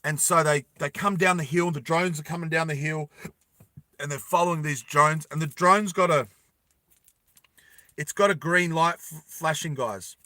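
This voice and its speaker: A man's voice: a little high, bright, forceful tone, no echo. A man telling a story casually to his viewers, with many fillers. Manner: slow, with fillers, addresses viewers.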